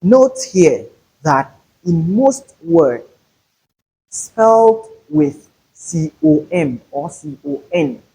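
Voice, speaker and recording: A male teacher giving a slow, deliberate pronunciation lesson, repeating example words to show stress. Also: fairly high pitch, very animated, creaky, dark tone, breathy edge, poor audio. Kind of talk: classroom-style pronunciation lesson.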